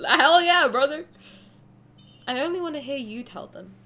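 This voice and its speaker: A young woman streaming a game reaction, excitable and gushing, laughing and swearing. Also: sits high, slow pace, pauses often.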